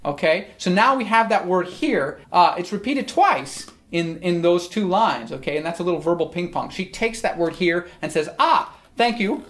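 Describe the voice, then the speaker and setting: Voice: mid-range voice, animated, moderate pace, few pauses, a bit bright. A teacher explaining a text in a recorded lesson, friendly, often checking in with "okay?". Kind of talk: recorded lesson on Shakespeare's language.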